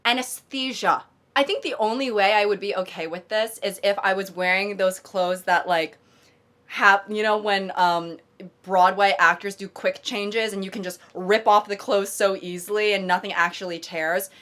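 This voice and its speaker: A young woman hosting her own video, reacting to stories with sarcastic, animated, over-the-top commentary. Her voice is bright and forward, and her delivery is casual and chatty. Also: mid-range voice, normal speed. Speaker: video host reading viewer stories.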